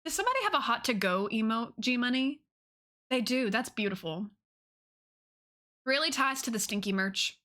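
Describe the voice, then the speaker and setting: A woman's voice: fairly high pitch, lively intonation, normal speed, pauses often, pushed and bright. A woman streamer chatting casually with her viewers, bubbly and giggly. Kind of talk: casual chat with viewers while drawing.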